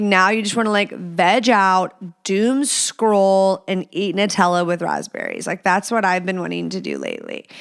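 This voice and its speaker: A woman hosting a casual podcast, speaking bluntly and swearing without a second thought. Her voice is smooth and clean, and her pitch sits in the middle range. She talks in a loose, chatty way, full of "like" and "you know.". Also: fairly bright tone. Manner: frank and blunt, swears freely; chatty with many fillers. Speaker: podcast host. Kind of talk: casual chat answering listener questions.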